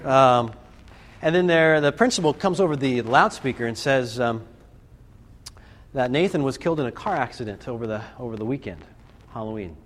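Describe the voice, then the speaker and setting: A man giving a storytelling talk to a student audience, animated and acting out scenes and voices. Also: medium pitch, moderate pace. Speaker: speaker addressing students. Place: live talk to a group.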